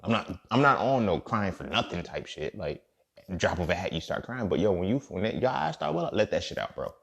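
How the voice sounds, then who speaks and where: Very animated and fairly quick, this deep-voiced podcast host has vocal fry, a breathy edge, and a fairly bright tone. He tells a personal story casually, full of slang and profanity, repeatedly asking "you feel me."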